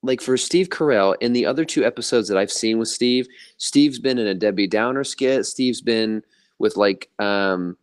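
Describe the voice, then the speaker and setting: A man's voice: on the low side, normal speed. A young man co-hosting a fan podcast, chatting casually and rambling with lots of fillers. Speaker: podcast co-host. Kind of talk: casual chat.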